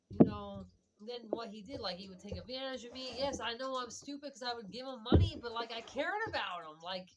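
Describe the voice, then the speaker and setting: A young adult woman, a single mom, rambling and venting in a casual vlog, with many fillers and restarts. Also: a little high. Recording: loud background noise.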